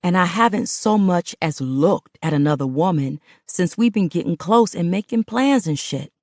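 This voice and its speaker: A woman reading an audiobook puts on a streetwise young man, begging and coaxing in a low, intimate tone. Her own deep voice carries him with little change, close and dry. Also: expressive, moderate pace, a little mellow, no room sound. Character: pleading young man, smooth-talking boyfriend. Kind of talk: audiobook dialogue.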